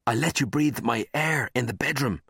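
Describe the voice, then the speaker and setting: A man's voice: mid-range voice, normal speed, fairly bright tone, husky, dry recording, studio quality, pitched above the performer's own voice. A man voicing a cheeky, scheming young boy who coaxes and pesters his brother. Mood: wheedling. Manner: wheedling, coaxing.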